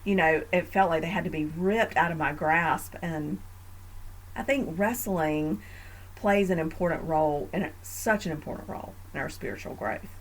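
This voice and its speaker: A woman hosting a faith podcast, talking in an earnest, reflective way with frequent fillers and growing animated in family stories. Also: low-pitched, moderate pace, rough recording. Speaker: podcast host.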